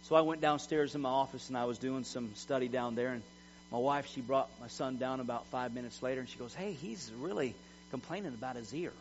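A man's voice: mid-range voice, fairly even intonation, a little fast. A middle-aged man preaching a sermon in an emphatic, folksy way, repeating words as he tells personal stories. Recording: dull lo-fi recording with mains hum.

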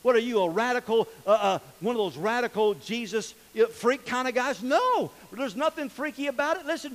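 Man preaching, high voice, folksy and animated, long hall reverb. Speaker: pastor. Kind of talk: sermon.

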